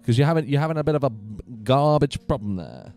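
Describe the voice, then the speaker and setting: Animated man chatting on a game stream. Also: mid-range voice, fast, faint music behind. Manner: animated, chatty, laughs often. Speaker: live-stream host. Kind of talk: casual gaming live-stream chat. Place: home computer room.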